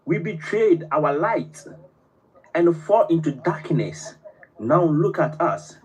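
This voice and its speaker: A man's voice: on the high side, expressive, takes it slowly, slight background noise, rough recording. Fervent caller, man. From Ghana. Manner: fervent, builds to oratory. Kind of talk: impassioned call-in speech.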